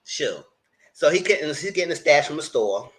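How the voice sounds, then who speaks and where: Animated male vlogger. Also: fairly high pitch, normal speed. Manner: animated, chatty, acts out characters' lines. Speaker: channel host recapping a TV series. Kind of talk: casual live-chat recap.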